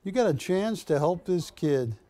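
A man's voice: high voice, lively intonation, moderate pace, dark tone, no room sound. A man hosting a live shopping-channel art auction, calling bids with joking, teasing banter from a TV studio.

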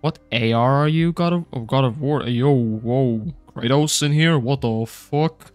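A young man streaming a video game, reacting loudly, swearing and reading his chat aloud. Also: medium pitch, measured pace, no room sound, soft background music. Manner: excitable, swears a lot, reads chat aloud. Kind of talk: gaming livestream commentary.

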